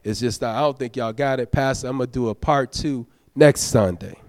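A man's voice: medium pitch, normal speed, a little mellow, no echo. A man, a deacon, preaching a sermon, urging the congregation in a conversational, folksy way and prodding them for amens. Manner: exhorting, prods the congregation for amens.

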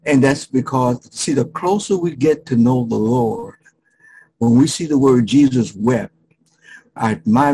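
A middle-aged male pastor preaching a sermon, emphatic, with dramatic pauses and frequent restarts. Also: medium pitch, vocal fry, mellow, rough recording.

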